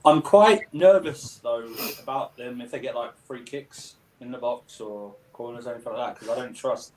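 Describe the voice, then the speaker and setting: A man's voice: medium pitch, moderate pace, a little hiss or hum, poor audio. A man co-hosting a casual football watchalong, easygoing and agreeable, often chiming in with "yeah". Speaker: co-host of a watchalong.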